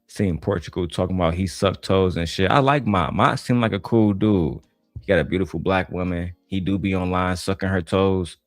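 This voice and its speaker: A man's voice: sits low, moderate pace, no room sound, studio quality, soft background music. A man from Detroit giving blunt, mocking, heavily profane reaction commentary on a panel clip. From Detroit, USA.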